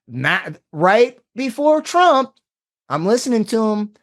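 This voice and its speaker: A man with a fairly high, gravelly voice, speaking as a guest in a casual interview. He rambles, restarts his sentences and piles on fillers, then breaks into animated asides. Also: moderate pace.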